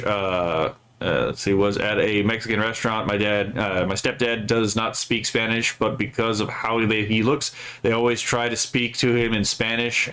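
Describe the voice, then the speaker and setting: A man's voice: mid-range voice, a bit bright. Profane rambling male commentator. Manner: rambling, profane, frequent "right?" tags. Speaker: streamer host. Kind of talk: casual political commentary.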